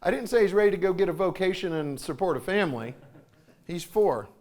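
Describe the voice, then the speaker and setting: A man in his forties giving a folksy conference talk, acting out quoted voices. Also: darkish tone. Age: 40s. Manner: folksy, acts out quoted voices with jumps in pitch. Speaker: conference speaker.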